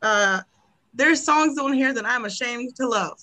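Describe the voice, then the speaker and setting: A woman's voice: on the high side, a little slow, bright, forceful tone. A woman talking as a podcast guest in casual chat, enthusiastic and laughing often, with frequent hesitations.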